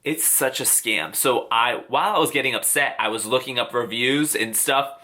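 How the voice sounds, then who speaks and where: A man's voice: medium pitch, moderate pace, bright, forceful tone. A young man telling an angry storytime rant to camera, heated and indignant. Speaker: vlogger.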